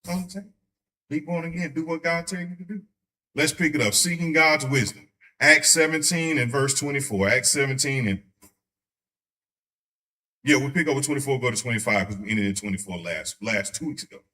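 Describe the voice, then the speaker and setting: Bright-voiced joking male preacher. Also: medium pitch. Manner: joking, animated, acts out quick voices. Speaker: pastor teaching Bible study. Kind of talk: conversational sermon. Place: church sanctuary.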